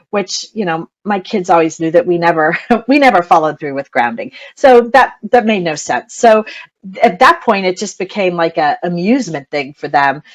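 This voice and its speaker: Chatty woman coach with a low voice. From United States. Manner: chatty, frequent ums and laughs. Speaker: parent coach presenter. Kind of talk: educational webinar talk.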